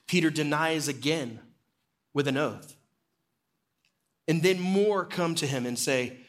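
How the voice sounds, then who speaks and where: A man's voice: slow, pauses often. Man preaching a storytelling sermon. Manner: storytelling, drops low and quiet for solemn moments. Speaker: executive pastor.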